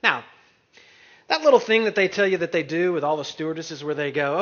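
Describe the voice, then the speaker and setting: A middle-aged man speaking to an audience, telling a story in an animated way and acting out the voices of others. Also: fairly high pitch, brisk. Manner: animated, acts out quoted voices. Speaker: real estate speaker. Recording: dull lo-fi recording.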